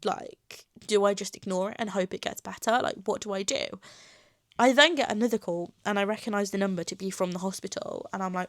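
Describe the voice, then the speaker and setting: A woman's voice: mid-range voice, fairly quick, no room sound, clean studio sound. Young woman telling an upset story. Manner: animated retelling, acting out both sides of dialogue; upset, near tears at times. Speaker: vlogger telling a personal story. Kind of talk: casual storytime vlog.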